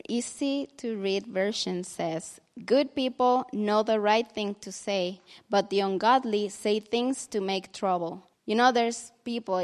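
A woman giving earnest devotional teaching and reading Bible verses aloud. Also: mid-range voice. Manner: earnest and heartfelt; reads scripture aloud slowly.

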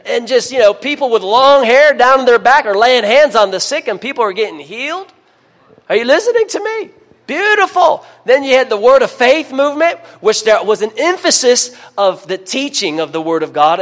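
A man preaching a sermon, emphatic, calling for amens and dropping to a hush between louder bursts. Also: high voice. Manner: emphatic preaching with call-and-response amens, swings between loud and hushed.

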